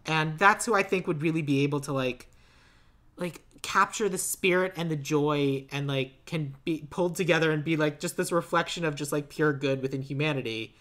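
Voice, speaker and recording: Male podcast co-host, crisp bright tone, rambling and chatty. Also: a little high. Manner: rambling, filler-heavy, quick to laugh. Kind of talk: casual movie-podcast chat.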